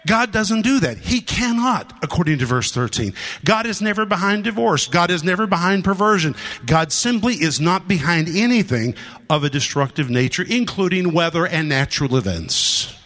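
Emphatic preacher man, fairly high voice. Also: lively intonation, normal speed, fairly bright tone. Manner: emphatic, repeats lines for stress. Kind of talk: sermon.

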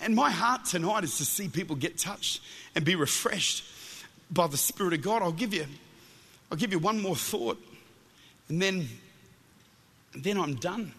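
A man's voice: high-pitched, normal speed, creaky, long pauses, slightly rough, in a large hall. A man with an Australian accent preaching a Pentecostal sermon, telling stories with jokes and often repeating his words as he goes. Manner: animated storytelling with jokes, stumbles and repeats words. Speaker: guest preacher.

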